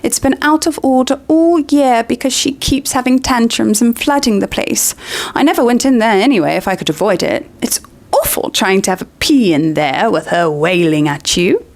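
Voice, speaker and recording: A woman voicing a brisk, bossy young schoolgirl with a falsely bright, exasperated manner while reading a book aloud. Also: fairly high pitch, animated.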